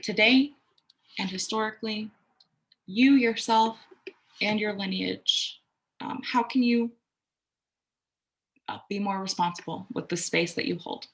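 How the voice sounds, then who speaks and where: A candid young woman talks through self-care advice in a relaxed, conversational way. She drops in the odd swear word and briefly acts out the voices she quotes, then slips back into her easy reflective tone. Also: medium pitch, unhurried, long pauses. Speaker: astrology and self-care podcaster. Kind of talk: reflective casual monologue.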